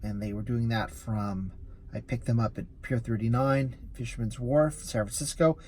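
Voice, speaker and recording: A man's voice: medium pitch, fairly even intonation, moderate pace, darkish tone, slight background noise. A man who drives for rideshare, telling a story in a casual vlog, easily amused and rambling with restarts.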